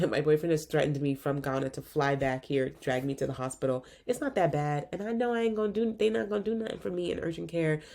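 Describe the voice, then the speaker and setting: A congested woman with a notably low, husky-from-a-cold sound, talking to her listeners in a casual solo podcast. Her tone is candid and reflective, loose and informal, like she's chatting from home. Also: a little mellow. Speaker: podcast host and physician coach.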